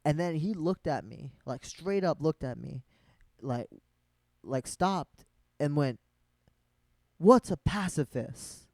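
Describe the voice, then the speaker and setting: A man casually telling a long personal story, rambling with lots of fillers and plenty of swearing, growing animated at the peaks. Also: a little high, slow, vocal fry, long pauses, no room sound. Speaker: vlogger.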